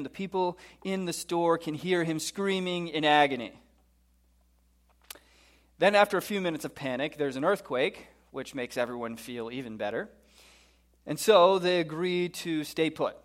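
A man preaching a sermon, retelling a horror movie plot in an animated storytelling way and acting out the characters' lines. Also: a little high. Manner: storytelling, animated, acts out quotes.

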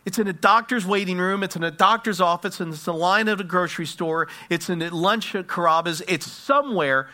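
Male preacher, slightly high and bright-toned, dramatic sermon delivery that moves between quiet and loud passages. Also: fairly quick, few pauses. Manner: dramatic storytelling, swinging from hushed to loud.

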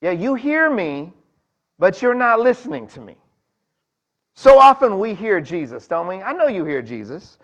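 A man's voice: high voice, sing-song, normal speed, a bit bright. A man preaching a sermon in a conversational way, talking to the congregation and acting out voices from the story. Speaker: pastor.

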